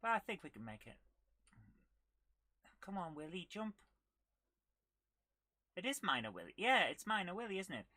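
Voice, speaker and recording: A woman hosting a casual retro gaming live stream, chatting with viewers and reacting excitedly while she plays. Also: lowish voice, racing, hardly any pauses, dry recording. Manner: chatty, reads viewer comments aloud, bursts of excitement while playing.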